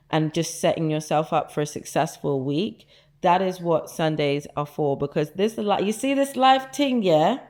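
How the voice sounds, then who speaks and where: In her apartment living room, a young female lifestyle vlogger chats casually and enthusiastically, using lots of fillers. Her voice is fairly low and a little mellow, and she sounds out of breath.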